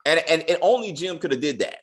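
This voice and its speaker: A man co-hosting a casual TV review, animated and acting out characters' lines in funny voices. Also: fairly high pitch, quick pace. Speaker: podcast co-host.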